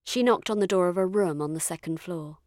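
A woman narrating a story in the first person, measured and dryly witty. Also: lowish voice, a little mellow, dry recording, clean studio sound.

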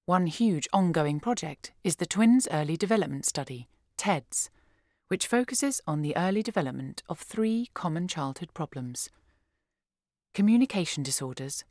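A woman narrating an audiobook in a calm, measured, clearly enunciated way, close to the mic. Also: lowish voice, no room sound. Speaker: audiobook reader.

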